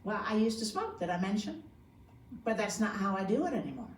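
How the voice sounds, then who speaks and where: A woman's voice: medium pitch, very animated, brisk, a little hiss or hum. Woman, yoga teacher, conversational talk, asks the audience questions, echoey room, distant mic. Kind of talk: informal talk to a group. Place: community room.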